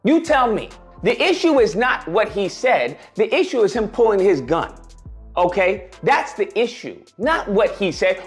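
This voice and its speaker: A man's voice: high voice, huge pitch swings, a little slow, soft background music. A man giving emphatic, indignant reaction commentary, repeating phrases for emphasis.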